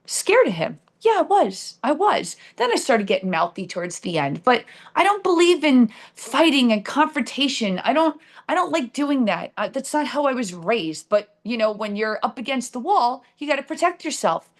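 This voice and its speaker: Her voice is a little high and sing-song, moving at a normal speed. A middle-aged show host with a New Jersey accent, she frankly tells a personal story on her live stream, peppered with fillers and restarts.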